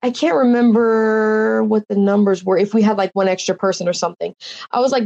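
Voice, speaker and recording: A woman's voice: medium pitch, fairly even intonation, brisk, creaky, darkish tone, dull audio. A young woman, a reality show contestant, rambling emotionally through her story in a casual interview.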